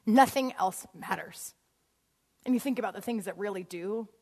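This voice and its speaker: A woman giving a storytelling sermon in a church auditorium, animated and laughing often as she acts out scenes. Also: mid-range voice, normal speed. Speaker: guest speaker. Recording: long hall reverb.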